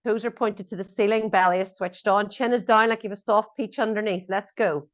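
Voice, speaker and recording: A woman fitness instructor calls out encouraging cues through a workout, breaking off now and then for chatty, self-mocking jokes. Her voice sits at an ordinary middle pitch for a woman. The audio is dull and a bit lo-fi. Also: steady tone, fairly quick. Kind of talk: coaching a live workout class.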